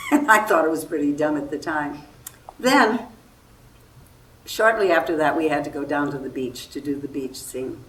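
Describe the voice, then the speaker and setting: An older actress telling stories at a festival talk, lively and acting out the people she quotes. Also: sits low, moderate pace, long pauses. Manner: animated storytelling, acts out quoted voices. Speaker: guest actress. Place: festival hall before an audience. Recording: far-off roomy hall recording, faint noise.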